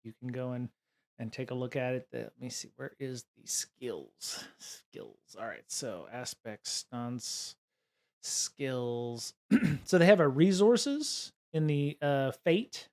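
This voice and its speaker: A man's voice: medium pitch, slow pace, a little mellow. A man hosting a live-stream podcast, talking casually and musing aloud in a rambling way.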